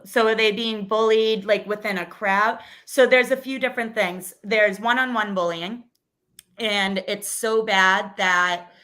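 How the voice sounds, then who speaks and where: A woman's voice: mid-range voice, pushed and bright. A woman in her thirties or forties, a school committee candidate, telling a personal story as a guest in a casual interview, earnest and emotional, with frequent restarts.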